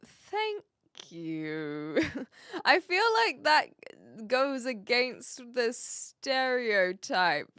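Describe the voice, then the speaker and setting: A chatty woman streamer from New Zealand, with a light Kiwi accent and a bouncy, lively pitch that rises and falls a lot. She talks casually to her viewers and laughs easily. The sound is close and dry, with no room echo. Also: very slow, smooth. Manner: chatty, laughs often, answers viewers' chat messages. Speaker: live streamer. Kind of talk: casual live-stream chat.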